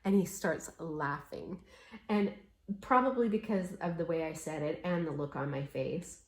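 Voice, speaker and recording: A woman's voice: sits low, normal speed, echoey room. A middle-aged woman chatting casually while she stitches, telling stories and acting out the voices of people in them. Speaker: cross-stitch vlogger.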